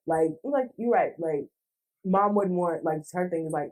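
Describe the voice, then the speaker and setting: A woman guest on a podcast, talking earnestly and lively, often saying "like". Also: fairly low pitch, a little slow. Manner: earnest, heavy use of "like", lively. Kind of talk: conversational podcast chat. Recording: distant mic, roomy.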